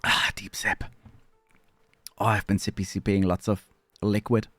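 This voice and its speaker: A man chatting casually on a live stream, rambling and swearing, with sudden squeaky high bits. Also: level tone, unhurried, a bit bright, dry recording, soft background music.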